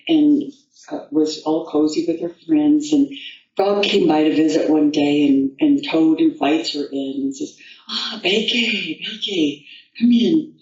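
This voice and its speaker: A woman storyteller telling a folktale and a personal story in an unhurried, rambling way with restarts. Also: low-pitched, mellow. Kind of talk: told folktale and personal anecdote. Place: festival venue. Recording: dull distant echoey room recording.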